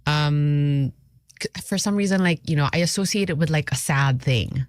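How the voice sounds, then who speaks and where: A woman co-hosting a radio show, chatty and quick to laugh, slipping into Tagalog now and then. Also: low voice, no room sound, clean studio sound. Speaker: radio co-host. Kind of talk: casual radio banter. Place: radio studio.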